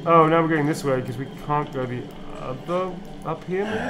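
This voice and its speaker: A man, a voice actor, reacting to a game in casual chat, animated and swearing a lot. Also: on the high side, normal speed. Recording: loud background noise.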